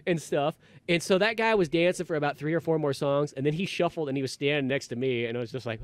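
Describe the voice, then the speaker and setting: In a fast, slightly high voice, a podcast host meanders through a long, casual story, constantly using fillers and restarting his sentences. The recording is dry.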